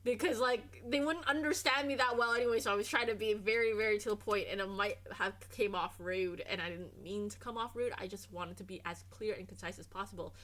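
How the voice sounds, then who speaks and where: A woman's voice: medium pitch, a little fast, hardly any pauses, fairly bright tone. A woman streamer chatting casually over gameplay, rambling and trailing off into restarts.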